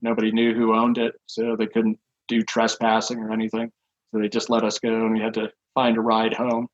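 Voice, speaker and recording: A man's voice: lowish voice, completely flat delivery, brisk, muffled recording. A man in his sixties, a podcast guest telling rambling stories with lots of fillers and chuckles. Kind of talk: casual anecdotal storytelling.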